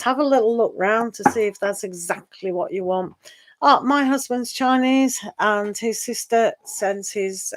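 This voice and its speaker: Chatting with her live-stream audience, this middle-aged tarot reader from England speaks in a mid-range voice with a British accent. Her talk is slow and drawn out, broken by sighs and laughter, and there's slight background noise.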